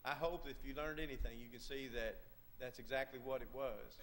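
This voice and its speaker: Man preaching, mid pitch, leans hard on repeated phrases, stumbles now and then. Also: fairly bright tone, a little hiss or hum. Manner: emphatic, repetitive preaching with halting asides. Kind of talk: sermon.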